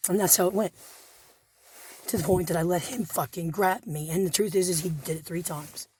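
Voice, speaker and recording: Hoarse, profane woman recounting to camera. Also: fairly low pitch, normal speed, a little mellow. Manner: agitated, profane, repetitive restarts. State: hoarse, injured throat.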